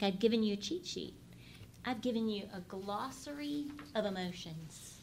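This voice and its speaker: Middle-aged woman, animated parenting teacher, asks the audience questions, faint rumble behind. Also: a little slow, creaky, long pauses. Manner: animated, asks the audience questions, shifts between loud and hushed. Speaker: parenting speaker. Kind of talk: teaching talk.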